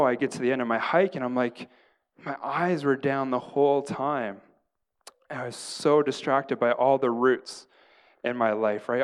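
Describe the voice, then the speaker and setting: A middle-aged man preaches in a casual, storytelling way, acting out little scenes of himself praying. His voice is smooth and resonant at an ordinary pitch. He keeps checking in with listeners, asking "right?". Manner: animated storyteller, acts out his own prayers, tags lines with "right?". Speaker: pastor. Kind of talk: casual sermon with acted-out stories.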